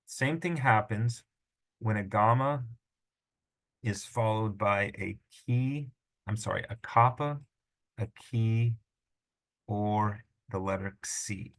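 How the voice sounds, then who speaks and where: Middle-aged guy teacher, kinda gravelly, patient, spells out syllables slow. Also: lowish voice, fairly bright tone. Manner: patient, self-correcting, sounds out syllables slowly. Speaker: Greek teacher. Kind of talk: screen-recorded lesson.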